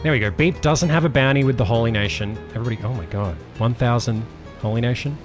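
A man hosting a gaming channel, giving excitable let's play commentary and laughing often. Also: mid-range voice, quick pace, over music. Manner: excitable, laughs often, yells when things go wrong.

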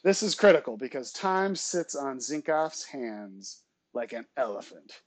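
A male teacher reading a novel aloud to his students, with relaxed, chatty asides between passages. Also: mid-range voice, unhurried, no room sound.

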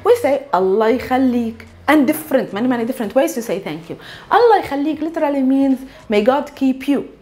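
Lively high-voiced woman teaching. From Palestine. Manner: lively, repeats words slowly for learners, checks in with "yeah?". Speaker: Arabic teacher. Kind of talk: language lesson.

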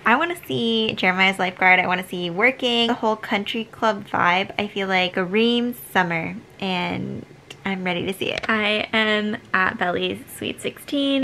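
A young woman talking casually in a reading vlog, gushing like an excited fan. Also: mid-range voice, slight background noise. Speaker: book vlogger.

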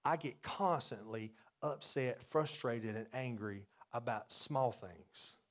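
A pastor preaching a folksy, confessional sermon that builds to loud, repeated emphasis. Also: male voice, mid-range voice, slow pace.

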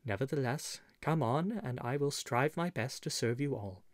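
A humble, earnest young strongman, put on by a male reader in a storybook audiobook. He speaks quietly and slowly, with a mid-range voice, in a close, dry recording. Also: medium pitch, animated, no echo, close to an everyday voice. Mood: calm. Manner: soft-spoken, slow, humble. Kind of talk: audiobook character reading.

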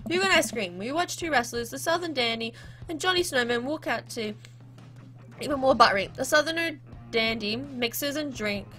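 Lively woman reading game narration. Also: sits high, moderate pace. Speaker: gamer playing a visual novel. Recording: game music playing behind.

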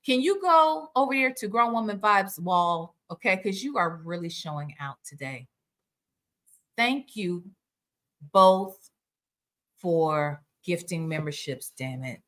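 This livestream host has a fairly low voice and speaks slowly. Reacting casually on stream, she's animated and outspoken, cursing freely as she chats with viewers.

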